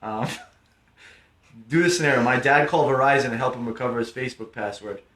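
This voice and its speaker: A man's voice: mid-range voice, brisk, fairly bright tone, a little hiss or hum. A man co-hosting a podcast, chatting casually, swearing and reading out viewer comments. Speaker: podcast co-host. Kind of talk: casual chat. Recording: roomy echo.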